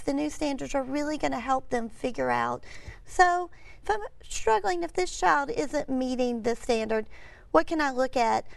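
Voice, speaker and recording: A woman's voice: on the high side, creaky, no room sound. A woman education official explaining teaching standards in an earnest, step-by-step way. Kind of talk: explanatory talk.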